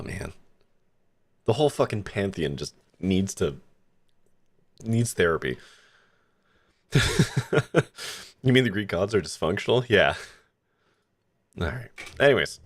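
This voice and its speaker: A man's voice: deep voice, measured pace, long pauses. A man streaming a game, ranting casually with lots of swearing and laughter. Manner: profane, laughing, animated rants. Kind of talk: casual let's-play commentary.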